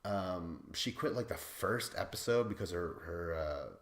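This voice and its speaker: Speaking a little slowly in a low, expressive voice, a man hosts a rambling podcast recap from an echoey room. He laughs a lot, curses, and makes himself the butt of his own jokes.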